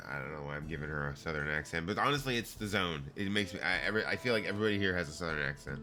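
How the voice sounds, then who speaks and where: Low-voiced joking game streamer. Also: male voice, lively intonation, rapid-fire, few pauses, pushed and bright. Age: middle-aged. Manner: joking, self-mocking, laughing asides. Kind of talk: casual gaming stream, reading dialogue aloud. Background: faint game music.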